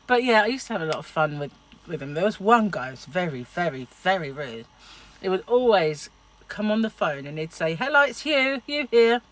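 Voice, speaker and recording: A woman's voice: low-pitched, animated, normal speed, pauses often, a little hiss or hum. A middle-aged woman vlogging in a casual, chatty way, telling stories and laughing often. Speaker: diet vlogger. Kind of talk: casual chat.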